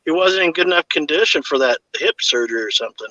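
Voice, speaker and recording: A man's voice: on the high side, animated, fast, sharp tone, dry recording. A man joining a casual live stream chat, mostly giving short agreeing replies. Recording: dull, distant mic.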